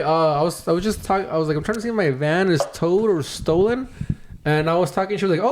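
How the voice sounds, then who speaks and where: Podcast co-host, male, fairly high voice, animated storyteller who swears freely. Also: fast. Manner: animated, acts out quotes with big pitch jumps, swears a lot. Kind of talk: casual storytelling chat.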